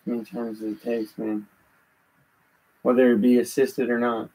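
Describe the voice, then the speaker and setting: A man's voice: medium pitch, flat delivery, normal speed, mellow, poor audio. A man co-hosting a casual chat, laid-back, with brief replies. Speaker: co-host.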